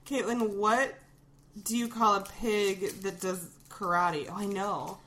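A woman's voice: medium pitch, steady tone, slow, a crowd in the background. A woman co-hosting a podcast from her kitchen in casual chat, wry and giggly with dramatic complaints. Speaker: podcast co-host.

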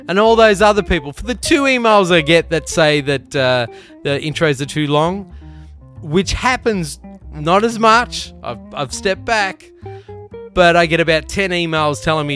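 A man's voice: on the high side, animated, a little slow, a bit bright, soft background music. A man with an Australian accent hosting a podcast in loose, rambling casual chat, swearing freely and joking around. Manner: loose, profane, rambling and jokey. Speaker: podcast host.

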